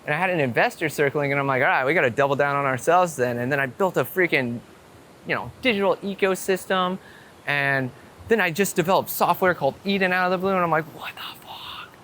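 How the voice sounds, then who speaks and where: A man telling a story to camera outdoors in a casual, excitable way, swearing and acting out what people said. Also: fairly high pitch, quick pace, a little hiss or hum. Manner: excitable, swearing storyteller with many "I'm like" quotes. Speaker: vlogger. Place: outdoors on a city street.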